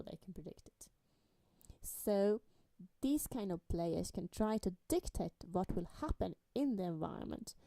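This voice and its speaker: Woman lecturer with a gravelly, warm voice, walking students through a diagram. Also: medium pitch, dry recording. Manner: explanatory, walks through a diagram step by step. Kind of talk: recorded lecture.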